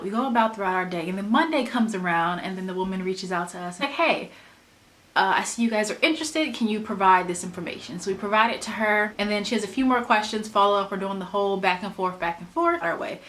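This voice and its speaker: A woman vlogger casually retelling a personal story in an animated, chatty way, often saying "like". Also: mid-range voice.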